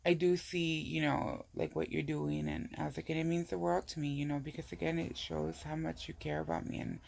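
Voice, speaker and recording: Low woman with vocal fry, rambly casual vlog chat, lots of "you know". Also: expressive, brisk, darkish tone. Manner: emotional, tearful at times. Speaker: vlogger.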